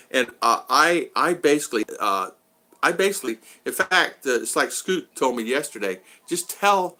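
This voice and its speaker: Middle-aged American man, bright rambling livestream host, talks in loops. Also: mid-range voice. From United States. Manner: rambling, repeats himself. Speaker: vlogger. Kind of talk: casual livestream chat.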